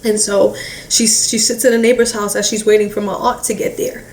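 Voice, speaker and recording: A woman's voice: mid-range voice, little pitch movement, darkish tone. Woman telling a story, echoey distant mic. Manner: halting, heavy filler "like", re-enacts relatives' words. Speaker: family member recounting a loss. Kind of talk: emotional personal storytelling. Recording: echoey room, distant mic, faint hiss.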